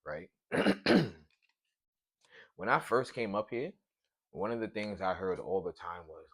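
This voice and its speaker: With a deep voice, big pitch swings and a slow pace full of pauses, a man in his thirties hosts his own podcast. He's a Brooklyn native with the accent to match, keeping it loose, slangy and profane, with no room sound.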